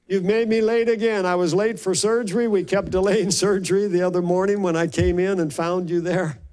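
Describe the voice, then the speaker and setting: A man's voice: high-pitched, fairly even intonation, fairly quick, a little mellow, voice pushed up, lightly acted. A man voicing a kind woman surgeon who is running late and hurriedly apologizes. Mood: flustered.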